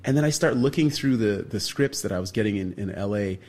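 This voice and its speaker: A man from Canada, a guest on a radio show, telling a long story with lively energy and acting out the other people in it. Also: on the low side, a little fast. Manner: animated storyteller, acts out other people's lines.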